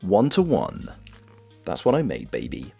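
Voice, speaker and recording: Lively, gravelly Welsh man knitting on stream. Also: low-pitched, a little slow. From Wales. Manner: rambling, jokey, swears freely. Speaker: streamer and voice actor. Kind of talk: casual chat while knitting on stream. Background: faint lo-fi music.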